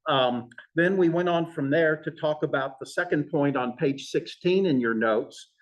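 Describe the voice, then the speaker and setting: A man teaching a church class in a halting lecture, with many fillers and restarts. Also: a little high. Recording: voice from far off in a room.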